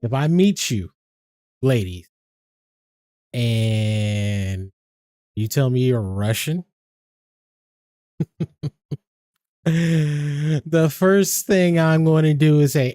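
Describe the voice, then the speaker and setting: A man talks loosely to his stream audience, rambling from one thought to the next and peppering it with swearing and laughs. His voice sits a little on the high side for a man, and it is recorded close and dry with no room sound. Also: lively intonation, drawn-out words, pauses often, warm tone, no room sound. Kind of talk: casual stream chat.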